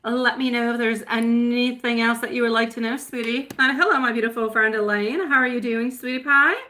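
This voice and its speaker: Bright-voiced woman doing tarot live. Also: a little high, a little fast. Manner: affectionate, calls viewers sweetie and my love; chatty and meandering, reading out viewer names. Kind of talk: live-stream tarot reading.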